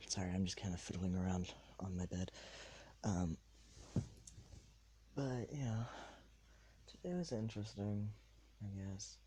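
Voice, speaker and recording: A young man hosting a podcast from his bed at night, rambling in a hushed, half-whispered way. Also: low-pitched, unhurried, pauses often, slight background noise. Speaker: podcast host. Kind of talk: casual late-night monologue.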